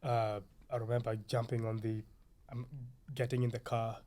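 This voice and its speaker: Man, 30s, Ugandan accent, interview guest, animated storyteller, medium pitch. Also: moderate pace. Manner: animated storytelling, quoting his younger self. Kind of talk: podcast interview.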